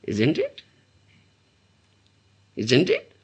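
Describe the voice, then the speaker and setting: A man's voice: mid-range voice, huge pitch swings, drawn-out words, husky. A man teaching a devotional lecture to an audience, often asking them rhetorical questions and laughing as he explains. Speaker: spiritual teacher.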